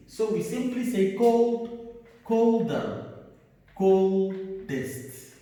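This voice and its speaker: A man teaching an English grammar lesson, speaking slowly, repeating words and stressing single letters. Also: sits high, big pitch swings, dark tone. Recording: echoey room, voice from far off.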